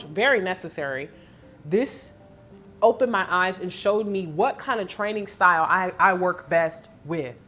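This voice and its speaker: Woman fitness coach, candid vlog recap, expressive and emotional delivery, mid-pitched voice. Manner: emotional, expressive storytelling with many fillers.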